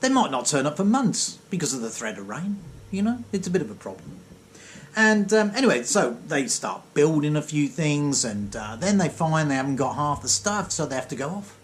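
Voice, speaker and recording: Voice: medium pitch, sing-song, moderate pace, slight background noise. A comic storyteller giving a sarcastic, digressive rant monologue.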